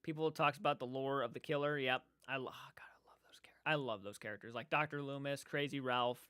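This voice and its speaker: A man hosting a casual livestream chat. He is rambling and excitable and often restarts his sentences. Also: mid-range voice, fairly quick, clear, resonant tone, no room sound, studio quality. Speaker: livestream host. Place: indoor room.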